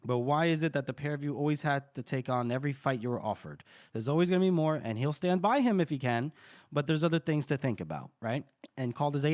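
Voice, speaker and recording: A man's voice: on the high side, expressive, fast talker, darkish tone, no room sound, studio quality. Man casually retelling a story. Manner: recaps dialogue loosely, many fillers like "you know". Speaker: podcast co-host. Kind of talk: casual book discussion, retelling scenes.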